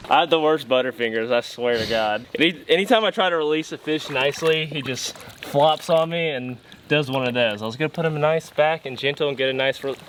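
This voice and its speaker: A young man hosting an outdoor fishing vlog by a small creek, excitable and quick to laugh, calling out catches as they happen. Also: a little high, slight background noise. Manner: excitable, laughs often, says dude. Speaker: fishing channel host.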